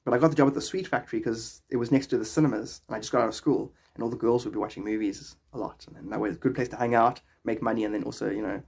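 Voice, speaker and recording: Young South African male streamer, rambling and chatty, rough grainy voice. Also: medium pitch, steady tone, rapid-fire, few pauses, darkish tone. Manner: chatty, rambling, laughs often. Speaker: live streamer. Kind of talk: casual chat with live chat viewers.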